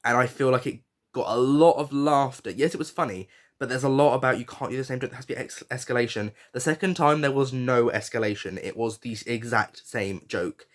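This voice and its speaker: A man's voice: medium pitch, a little fast. A man chatting casually as a podcast host, frank and given to swearing, with fillers and restarts. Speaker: podcast host reviewing a reality show. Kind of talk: casual review chat.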